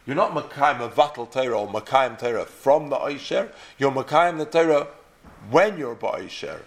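A man's voice: medium pitch, expressive, normal speed, creaky. A man leading a Torah class who asks questions and then works through the answers. He says the Hebrew terms with an Ashkenazi pronunciation and lays out each point step by step. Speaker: Torah teacher. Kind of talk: Talmud class lecture.

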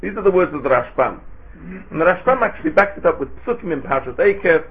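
A man's voice: a little high, animated, fast talker. A man giving a Torah sermon, asking rhetorical questions and chanting Hebrew phrases in a lilting way. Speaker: rabbi giving a Torah talk. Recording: tinny phone-like recording.

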